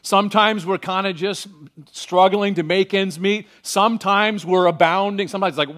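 A man preaching a sermon as pastor, animated and varied, slowing down when he reads scripture aloud. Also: sits high.

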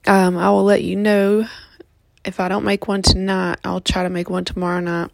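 A sleepy woman gives a casual update from home, her speech halting and full of ums and restarts. Her voice is gravelly and fairly flat in tone. The recording is close and dry. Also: medium pitch, no echo. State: just woke up, yawning. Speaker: vlogger giving a pet health update.

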